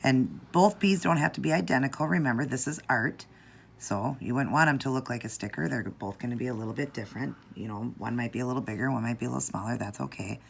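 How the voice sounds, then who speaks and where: A woman calmly talking viewers through a nail art tutorial step by step, in a patient, instructive way. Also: quick pace, gravelly, slight background noise. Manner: patient, instructive, low-key.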